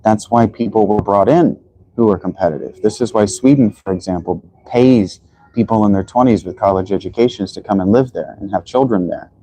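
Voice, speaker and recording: An American man hosts a livestream, delivering a casual monologue that rambles like a lecture, full of restarts and fillers. His voice is on the low side, mellow, and a little fast, and the audio quality is poor.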